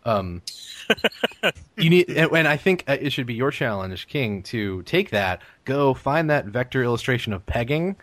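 A man's voice: medium pitch, sing-song, unhurried, fairly bright tone. A man on a casual comedy podcast, eager and stammering as he builds on the jokes. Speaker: podcast co-host.

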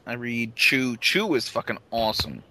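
A man in casual chat speaking bluntly and quickly, with frequent swearing. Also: medium pitch, sing-song, over loud music.

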